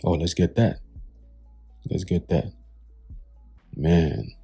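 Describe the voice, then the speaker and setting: A man's voice: low-pitched, steady tone, takes it slowly, warm tone, slightly rough, soft background music. A man giving scornful, preachy commentary on the news and reading scripture, swearing freely. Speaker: religious commentator.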